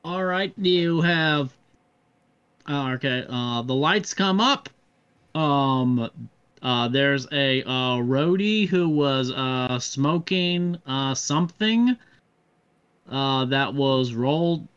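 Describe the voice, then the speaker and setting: A man narrating a tabletop game as game master, slow and full of fillers. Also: mid-range voice, a bit bright, smooth. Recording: dull lo-fi recording.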